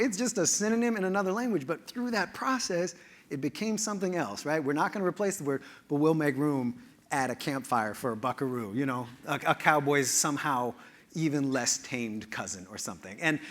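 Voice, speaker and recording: A man giving a playful, animated talk on word origins, dropping often to low, quiet asides. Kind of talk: lively presented talk.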